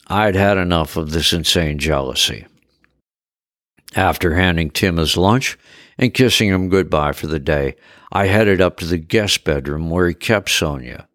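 A man narrates a first-person story in a wry, conversational manner. His voice sits very low. The recording is dry and close. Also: no room sound.

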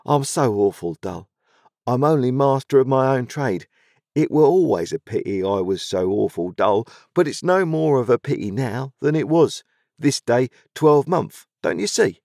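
A man's voice: mid-range voice, lively intonation, moderate pace, creaky, a little mellow, no room sound, studio quality, pitched above the performer's own voice. A man voicing a kindly, simple village blacksmith who talks in a homely rustic dialect. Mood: humble.

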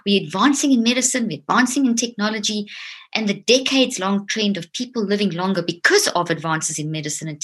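A woman's voice: medium pitch, a bit bright, husky. A woman giving an impassioned, explanatory talk, emphatic and earnest, often repeating words as she builds a point, speaking outdoors. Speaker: speaker on mind and mental health. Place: outdoors near a tree.

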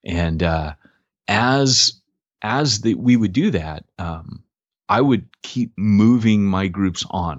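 A man co-hosting a podcast, telling a story in casual chat and acting out quotes in a higher voice. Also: no room sound, muffled recording. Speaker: podcast co-host, church planter.

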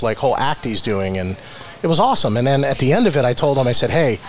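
A middle-aged man from New Jersey chats as a guest, spinning animated stories and leaping up in pitch whenever he quotes someone. His voice sits in an ordinary middle range. A steady hiss of noise runs under the recording. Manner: animated storyteller, acts out quotes with big pitch jumps. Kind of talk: casual interview chat. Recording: noisy room recording.

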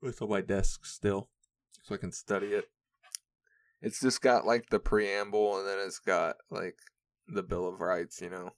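A young man with a low, fairly even voice hosts a podcast by himself, speaking unhurriedly. He rambles through casual chat, swears, and laughs a lot.

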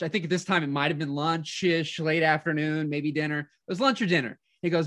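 A man who works as a life coach, giving an energetic motivational talk, telling a personal story with frequent restarts. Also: a little high, brisk, hardly any pauses.

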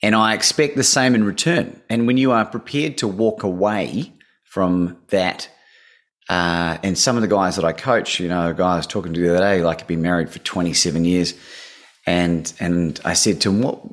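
A man co-hosting a podcast who also coaches, talking frankly and rambling a little. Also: deep voice. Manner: frank, rambling, quick to laugh. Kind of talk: casual podcast chat.

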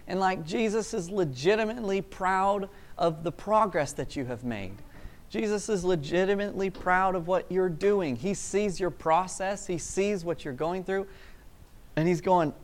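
Lively, rambling man preaching a casual sermon. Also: high voice, moderate pace. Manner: energetic, rambling, laughs at himself.

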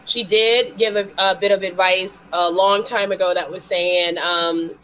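A woman's voice: on the low side, fairly even intonation, measured pace, fairly bright tone, highs cut off, slight background noise. A woman co-hosting a podcast in casual chat, teasing and laughing often. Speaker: podcast co-host.

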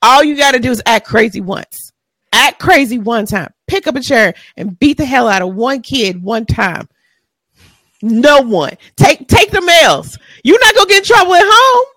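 Podcast co-host: a high-pitched woman with a drawl, lively and blunt, sometimes profane, recorded dry. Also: normal speed, dry recording. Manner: blunt, animated, profane ranting. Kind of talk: casual chat.

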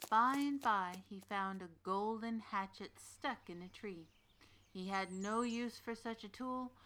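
A woman's voice: mid-range voice, fairly bright tone. A woman as an old witch telling a folktale. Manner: measured, deliberate storytelling. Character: old witch storyteller, knowing and dry. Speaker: narrator. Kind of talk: scripted storytelling narration.

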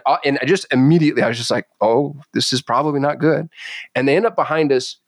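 A man as a podcast guest, talking candidly and intensely, cursing freely and growing animated as he tells his stories. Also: mid-range voice, dry recording. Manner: intense, swearing, confessional, animated when retelling. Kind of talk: candid conversational storytelling. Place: Phoenix.

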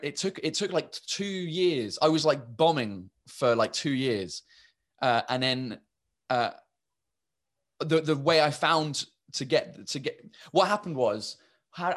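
An English man in his thirties talks loosely, starting over and filling gaps as he goes. His voice sits at an ordinary middle pitch. He comes across as a comedian telling stories in a relaxed interview. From England. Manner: rambling, many restarts and fillers. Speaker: stand-up comedian, guest. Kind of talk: casual interview chat.

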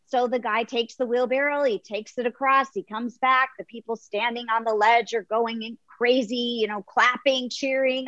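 A woman guest on a faith interview, telling an illustration with lively voices for the crowd. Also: a little high, normal speed, few pauses, dry recording, lo-fi sound. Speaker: guest author.

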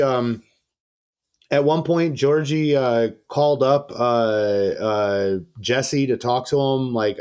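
A man's voice: medium pitch, darkish tone. A man hosting a podcast, chatting casually in a rambling, profane storytelling way. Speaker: podcast host. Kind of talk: casual chat.

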